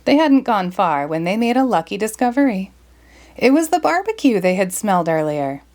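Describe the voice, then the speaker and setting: A woman reading a children's storybook aloud in a lively, expressive way. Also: mid-range voice, moderate pace. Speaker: storybook reader. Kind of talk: children's read-aloud narration.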